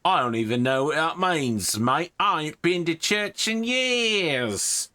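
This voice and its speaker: A rude, sneering town guard with a coarse street manner, put on by a man. The voice is pitched up and bright, and it talks back with open defiance. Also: lively intonation, slow, full character voice. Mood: defiant. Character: gruff male townsman guard, rude and defiant.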